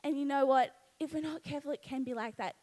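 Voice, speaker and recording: High-voiced Australian woman preaching. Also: fast, a little mellow. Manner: earnest, conversational, many "you know what" asides. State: pregnant. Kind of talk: live church sermon. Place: church hall, live service.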